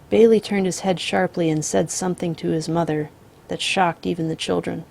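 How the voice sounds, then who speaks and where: A woman reads a literary short story aloud in a measured, steady voice. Her tone sits low with a gravelly texture. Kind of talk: literary audiobook narration.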